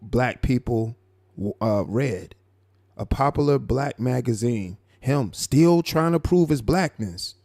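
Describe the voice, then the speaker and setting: A man hosting a live stream, commenting on a clip in a mocking, animated way. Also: medium pitch, creaky, dry recording, clean studio sound. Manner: mocking, animated, drawn-out asides. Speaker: live show host.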